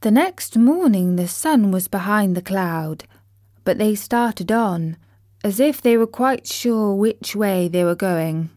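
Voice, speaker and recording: A woman reading a children's storybook aloud in a measured, gentle way. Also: medium pitch, animated, dry recording, clean studio sound. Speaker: narrator.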